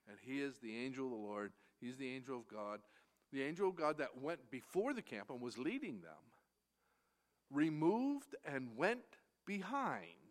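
A man preaching an expository sermon, reading scripture slowly and swinging between loud emphasis and hushed near-whispers. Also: medium pitch. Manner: reads verses in slow King James cadence.

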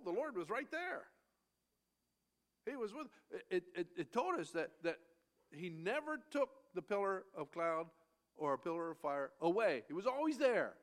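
A man delivers a verse-by-verse sermon, his voice sitting a little high for a man. His pitch leaps and falls with great liveliness as he moves between loud, emphatic lines and hushed, almost whispered asides. Scripture passages come slow and measured, in a stately old-fashioned cadence. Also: sing-song. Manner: reads verses in slow King James cadence. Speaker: preacher. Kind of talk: expository sermon reading scripture.

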